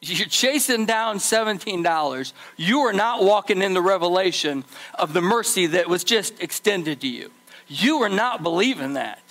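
A man preaching a sermon as pastor, animated, acting out the people in his story. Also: sits high, moderate pace.

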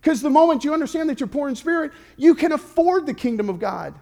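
A male pastor preaching a sermon in a lively way, asking the congregation direct questions and adding playful asides. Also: very high voice, fast, gravelly. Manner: animated, asks the audience direct questions.

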